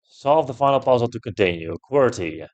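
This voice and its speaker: A young man commenting while he plays a puzzle game, thinking out loud, swearing often and getting loudly frustrated. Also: medium pitch, animated, moderate pace, muffled recording. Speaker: gameplay streamer.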